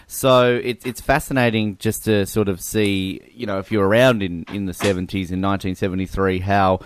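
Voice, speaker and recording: A man co-hosting a podcast, chatting casually about films with an animated, jokey manner. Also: lowish voice, normal speed, a little hiss or hum. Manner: animated, laughing, jokey impressions. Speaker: podcast co-host. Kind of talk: casual chat.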